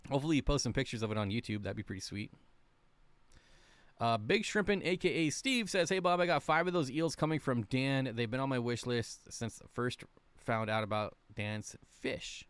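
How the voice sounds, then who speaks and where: Casually hosting a livestream on aquarium fish, this man reads out viewer comments in a rambling, chatty, self-deprecating way. He speaks at medium pitch and a moderate pace, with a clean, slightly bright tone and no echo.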